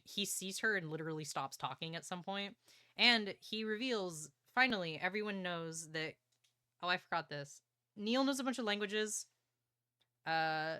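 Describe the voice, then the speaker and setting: A young woman streamer casually recapping a novel, excited and swearing, acting out characters' lines. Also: on the low side, clean tone, no echo, studio quality. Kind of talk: casual book recap chat.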